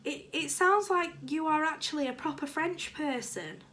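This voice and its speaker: A woman's voice: sits high, moderate pace, sharp tone, a little hiss or hum, voice pushed up. Woman doing a flustered young schoolboy. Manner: flustered, apologetic. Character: nervous, eager young schoolboy.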